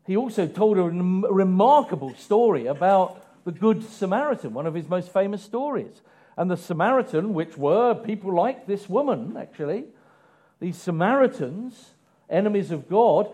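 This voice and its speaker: A male preacher delivers an animated sermon and keeps putting rhetorical questions to his listeners. His voice sits high, moves over a wide range, and has a mellow tone. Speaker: pastor.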